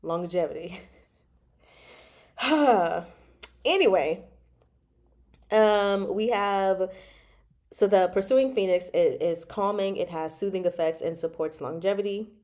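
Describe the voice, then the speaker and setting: Chatty woman with a mellow voice. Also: medium pitch, slow, long pauses. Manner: chatty, digressive, laughs often. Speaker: book club host. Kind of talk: casual chat about a novel.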